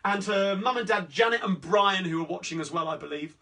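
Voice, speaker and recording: A man with a Cockney accent chatting between songs as the host of a live-streamed sing-along, rambling cheerfully through requests and shout-outs. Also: high-pitched, a little fast. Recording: distant mic with guitar playing.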